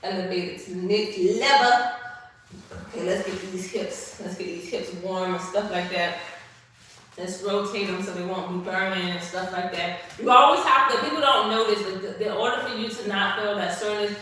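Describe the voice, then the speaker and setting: A woman's voice: mid-range voice, moderate pace, bright, forceful tone, distant mic. Sassy woman streaming from an echoey room. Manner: chatty, sassy, talks straight to viewers while stretching. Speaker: livestream host doing a stretching session. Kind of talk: casual instructional livestream.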